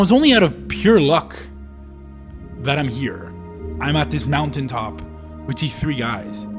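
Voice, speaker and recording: A young man in his early twenties from Canada, telling a travel story in a laid-back, slangy voice-over. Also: medium pitch. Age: early 20s. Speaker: travel vlogger. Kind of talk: casual voice-over narration. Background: faint background music.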